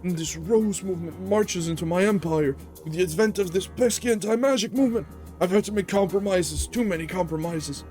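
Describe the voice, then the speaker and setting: A man's voice: sits high, a little fast, dark tone, faint music behind, voice pushed up, lightly acted. A man voicing a bitter, scheming old male lich villain in a game, with a theatrical, sneering manner.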